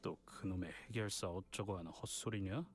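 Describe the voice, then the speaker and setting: An actor voicing a blunt, scornful young man who talks in a rough, mocking way in a game dub. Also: low voice, racing, faint music behind. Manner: rough, mocking, dismissive speech. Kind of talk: Korean game voice acting.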